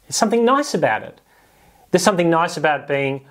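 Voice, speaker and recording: A man preaching a sermon, lively and animated, slipping into quoted voices to make his point. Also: on the high side, a little fast. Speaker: pastor.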